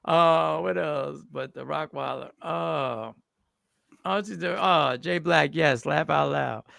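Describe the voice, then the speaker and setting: A man's voice: a little high, slow, vocal fry, fairly bright tone, no echo, studio quality. A man co-hosting a livestream talk show in casual chat, joking and reading viewer comments aloud. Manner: jokey, reads viewer comments aloud in put-on voices. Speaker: livestream co-host.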